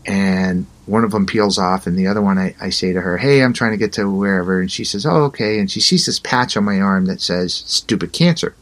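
A man's voice: low-pitched, a little fast, few pauses. A middle-aged man, an interview guest, telling a personal story in a conversational way and acting out the dialogue with animation. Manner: animated, acts out both sides of dialogue.

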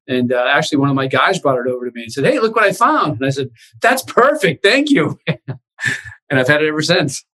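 A man with a Boston accent, a real estate investor being interviewed over a video call, telling lively stories and acting out quoted voices. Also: medium pitch, poor audio. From Boston area, USA. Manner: animated anecdotes, acts out quoted voices. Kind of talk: casual interview storytelling.

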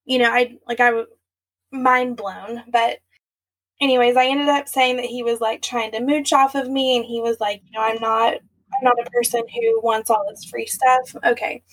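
A woman's voice: fairly high pitch, flat delivery, moderate pace, a bit bright. A young adult woman, a podcast guest, candidly recounting a personal story in a rambling, run-on way. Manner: candid, run-on storytelling with frequent "like" and "you know".

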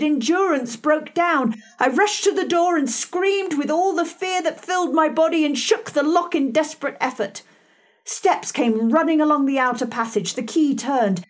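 A woman narrating a novel in the first person, with a hushed, dramatic delivery. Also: high voice. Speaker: audiobook narrator.

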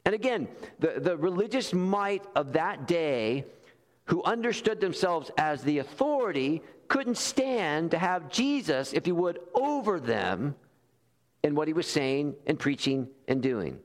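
Pastor guy preaching, kinda high voice, big echoey church hall, acts out the quotes. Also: a little slow. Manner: animated storytelling with quoted voices. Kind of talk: sermon. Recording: long hall reverb.

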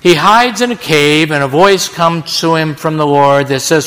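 A man preaching a sermon, telling a story dramatically with sudden hushed drops in his voice. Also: on the high side, normal speed, hardly any pauses. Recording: long reverb in a large hall.

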